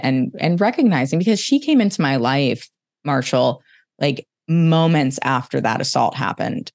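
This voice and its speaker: A podcast host in conversation, speaking candidly and emotionally, often in quick bursts. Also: medium pitch, expressive, gravelly, a little mellow, dry recording, studio quality.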